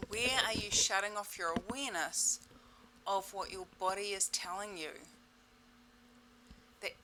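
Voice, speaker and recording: A woman leading a self-help webinar in a playful, exclamatory way, repeating set clearing phrases. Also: mid-range voice, noisy background. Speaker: webinar facilitator.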